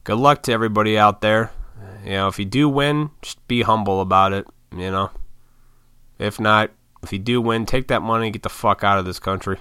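Recorded in studio quality with no room sound, a man speaks in a low, bright, forceful and smooth voice at normal speed, pausing frequently. He's a solo podcast host whose casual monologue rambles along, full of profanity and frequent laughter.

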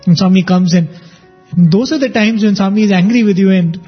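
A man, co-hosting a devotional radio talk and telling quick, animated anecdotes. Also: sits high, breathy edge. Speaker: radio show co-host. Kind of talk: conversational devotional reminiscence. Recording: dull lo-fi with faint music.

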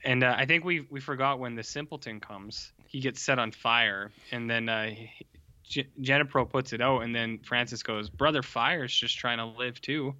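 A man with a bright, forceful voice talks casually on a podcast and makes dry, joking asides. His mic sounds dull and lo-fi. The room adds almost no echo. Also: medium pitch, moderate pace. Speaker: podcast co-host. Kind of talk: casual chat.

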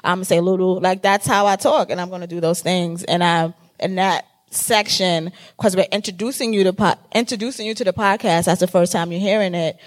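A woman's voice: fairly low pitch, steady tone, fairly quick, hardly any pauses. A woman podcast host talking candidly and emphatically in a casual panel discussion, swearing freely.

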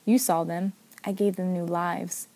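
A woman voicing a smooth-talking male vampire who teases and threatens his prey in a read-aloud story. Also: lowish voice, flat delivery, unhurried, warm tone. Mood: menacing. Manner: sly, teasing.

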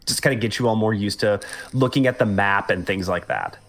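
Rambling, casual gaming podcast host. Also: male voice, lowish voice, brisk, a bit bright. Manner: loose, rambling, swears casually. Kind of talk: casual chat. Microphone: home podcast mic.

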